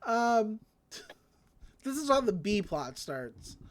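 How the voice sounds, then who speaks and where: A woman co-hosting a casual recap chat, swearing freely and acting out characters in quick voices. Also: mid-range voice, very animated, a little hiss or hum. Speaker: podcast co-host.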